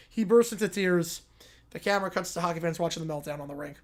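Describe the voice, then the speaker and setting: A man's voice: on the high side, fast talker. A man hosting a livestream, narrating a silly story in a casual, offhand way. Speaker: livestream host.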